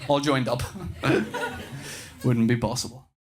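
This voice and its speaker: A man in his thirties doing stand-up, telling stories about his young son with animated delivery and flustered swearing. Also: medium pitch, slow, a crowd in the background. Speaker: stand-up comedian. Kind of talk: stand-up comedy routine. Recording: noisy live stage recording.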